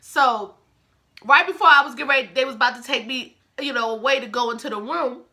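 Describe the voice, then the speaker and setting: A woman's voice: sits high, fairly quick, pushed and bright. A woman in her twenties telling an emotional personal story to her viewers in a chatty, casual vlog. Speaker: vlogger.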